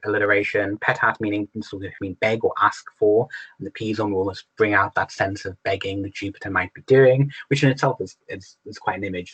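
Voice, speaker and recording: A man with an English accent teaching a recorded Latin lesson, explaining in a relaxed way with frequent ums and self-corrections. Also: fairly low pitch, rough recording.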